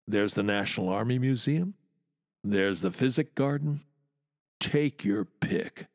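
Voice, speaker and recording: Speaking at a measured pace, this man has a lowish, animated voice captured in studio quality without any echo. He hosts a history podcast and also guides walking tours, and his narration comes across as chatty and wry, peppered with playful asides.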